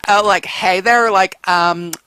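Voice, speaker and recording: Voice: mid-range voice, fairly even intonation, takes it slowly, pushed and bright, clean tone, no room sound. A narrator voicing a careless, cheap woman who talks in a scatterbrained, dismissive way.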